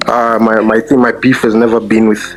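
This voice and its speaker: A man speaks earnestly on a live-stream panel, stalling often with fillers. His voice sits fairly low. Faint music plays behind him on the phone mic. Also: flat delivery, normal speed. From South Africa. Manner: hesitant, many fillers, earnest.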